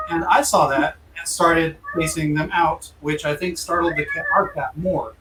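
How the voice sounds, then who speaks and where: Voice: mid-range voice, normal speed, hardly any pauses. A game master casually narrating a tabletop role-playing game with loose, rambling storytelling. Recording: roomy room, distant mic, faint hiss.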